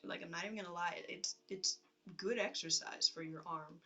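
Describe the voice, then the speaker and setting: A woman telling stories in a casual vlog, rambling and animated, laughing often and filling her speech with fillers. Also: lowish voice, moderate pace, recorded from a distance, soft background music. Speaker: vlogger.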